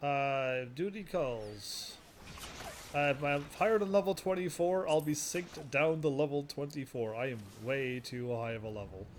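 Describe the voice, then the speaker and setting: A man casually commentating while he plays a game, rambling and quick to laugh at it, with game music behind him. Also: a little high, slight background noise. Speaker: gaming video host. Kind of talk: casual let's-play commentary.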